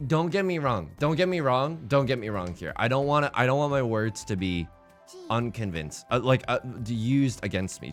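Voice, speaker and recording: In a mid-range, fairly bright voice, a man offers loose gameplay commentary on his stream, joking around, rambling and repeating his own lines. He'll greet a viewer by name right in the middle of a sentence.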